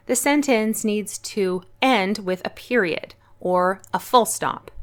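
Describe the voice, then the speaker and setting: A woman hosting her own channel, giving a patient English punctuation lesson. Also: medium pitch. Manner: clear, patient explaining. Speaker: English teacher. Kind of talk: online grammar lesson.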